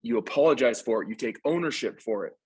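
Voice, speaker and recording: A man's voice: mid-range voice, expressive, fast, slightly rough, low-quality recording. A man co-hosting a casual podcast, an earnest youth baseball coach telling stories with emphatic repeats.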